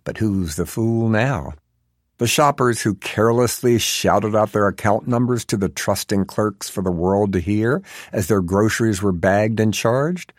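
A man's voice: fairly low pitch, no echo, studio quality. A man narrating a story in a wry, sardonic manner. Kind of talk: audiobook narration.

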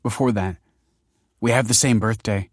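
A downcast, earnest young man with a lowish voice who puts himself down, read by a male narrator close to his own voice. Dry, close sound with no room around it. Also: normal speed, dry recording, natural voice. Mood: glum. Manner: glum, self-deprecating.

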